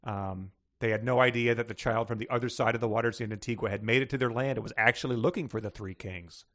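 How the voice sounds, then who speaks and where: A man's voice: medium pitch, fairly even intonation, quick pace, a bit bright. Man, podcast co-host, reads from a book, wry asides, laughs a lot. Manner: laughs often, with wry asides and many fillers. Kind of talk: casual chat, reading aloud from a book.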